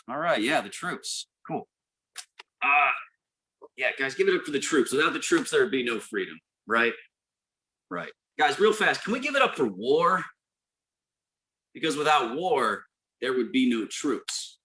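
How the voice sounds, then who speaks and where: A man performing a stand-up comedy set, telling a long deadpan story and mock-cheering the crowd in sudden high bursts. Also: unhurried, long pauses, rough recording. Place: live venue with audience.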